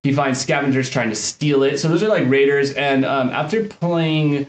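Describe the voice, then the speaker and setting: A man's voice: medium pitch, moderate pace. Easygoing man recapping in an echoey room. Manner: easygoing, recaps scenes with fillers. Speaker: podcast co-host. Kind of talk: casual podcast chat.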